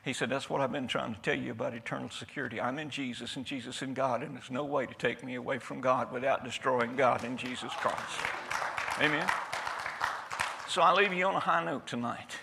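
A male pastor preaches in a church, spinning a folksy story and acting out each line of dialogue. His voice is gravelly and bright, and he talks at a quick clip. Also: mid-range voice, a little hiss or hum. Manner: folksy, animated, acts out the dialogue. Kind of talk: storytelling sermon.

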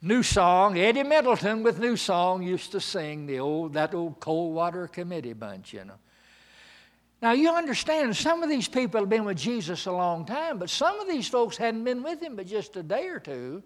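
A man's voice: high-pitched, big pitch swings, normal speed. Dramatic preacher man. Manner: dramatic swings from hushed to shouting. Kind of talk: sermon.

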